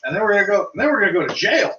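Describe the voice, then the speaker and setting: Guy at a game table, rambly and hesitant, bright voice, muffled lo-fi with faint hiss. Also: high-pitched, very animated, racing, reverberant, far from the mic. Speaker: player. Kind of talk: casual tabletop game chat.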